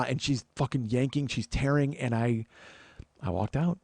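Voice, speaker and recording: A man's voice: medium pitch, moderate pace, creaky, a little mellow, dry recording. A man hosting a podcast, telling a personal story in a profane, emphatic way with frequent restarts. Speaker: podcast host.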